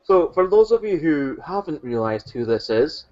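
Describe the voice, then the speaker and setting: A man's voice: on the high side, sing-song, normal speed, muffled recording, noisy background. A man co-hosting a comedy show, explaining things.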